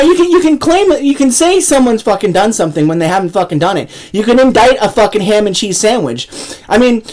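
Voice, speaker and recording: A woman's voice: on the high side, a little mellow, low-quality recording. A woman, ranting angrily about politics and swearing constantly. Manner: profane, swearing constantly, heated. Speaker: political vlogger. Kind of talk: angry political rant.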